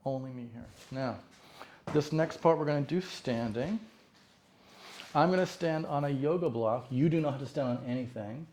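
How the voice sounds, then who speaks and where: A man's voice: mid-range voice, normal speed, a little mellow. Encouraging male fitness instructor, roomy echo. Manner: encouraging, counts reps, frequent praise. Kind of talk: guided exercise class cueing. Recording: roomy echo, faint room noise.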